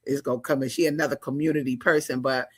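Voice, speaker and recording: An exuberant woman runs her interview show in a loose, slangy way. She talks in quick bursts, gets loud when excited and drops back to an easy, casual tone. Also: very deep voice, husky. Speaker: talk show host. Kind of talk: lively interview chat.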